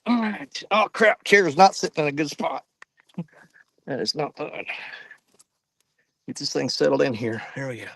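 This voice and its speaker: A man's voice: on the high side, sing-song, normal speed, vocal fry, pauses often, fairly bright tone, no room sound. A man hosting a live fishing stream outdoors, out of breath and chatting to viewers by name. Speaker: fishing channel host. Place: outdoors at a riverbank.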